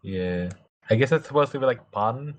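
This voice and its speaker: A man with a mid-range voice chatting casually during a live watch-along, often explaining references to his co-host. His talk is relaxed and conversational. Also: medium pitch, moderate pace, dull audio. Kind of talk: casual reaction chat.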